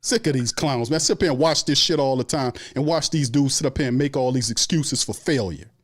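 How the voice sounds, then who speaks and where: A man hosting a fan stream launches into a heated, profane rant, hammering the same points again and again. His voice sits at an ordinary mid pitch and he talks in blunt, furious bursts. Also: a little fast. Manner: angry, profane, repetitive ranting. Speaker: sports show host.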